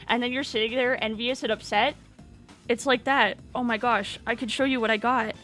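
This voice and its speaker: A woman streamer chatting casually and with animation, slipping into high baby talk with her pet bird. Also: fairly even intonation, normal speed, fairly bright tone, faint music behind.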